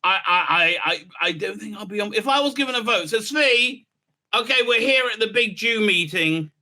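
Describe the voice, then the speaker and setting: Bright-voiced man, lively rambling commentary. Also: sits high, normal speed. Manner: rambling and sarcastic, laughs often. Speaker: rabbi and political commentator. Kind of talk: casual commentary monologue.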